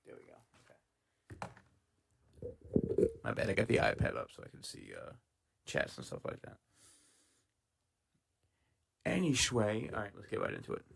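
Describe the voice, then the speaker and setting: A man's voice: on the low side, wildly swooping pitch, normal speed, creaky, pauses often, fairly bright tone, slightly rough. A man giving casual, sarcastic, profane commentary while reacting to clips. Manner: sarcastic, swearing, laughing asides.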